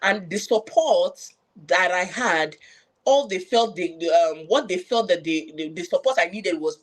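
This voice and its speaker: A woman's voice: on the low side, lively intonation, unhurried. A woman with a Nigerian accent, a public health professional, giving an earnest personal account on a live panel with frequent restarts and fillers. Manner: earnest, reflective, many restarts and "you know" fillers.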